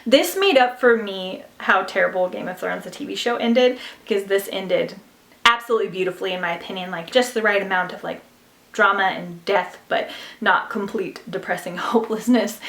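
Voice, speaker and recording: A woman's voice: medium pitch, normal speed, a bit bright. A young woman chatting casually about books she listened to, gushing and full of fillers. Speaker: book vlogger. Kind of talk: casual book review chat. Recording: roomy echo.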